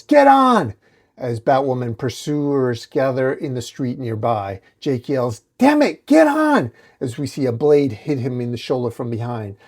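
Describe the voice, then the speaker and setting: A man hosting a comic book channel, narrating a dramatic comic recap in a steady storytelling manner. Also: medium pitch.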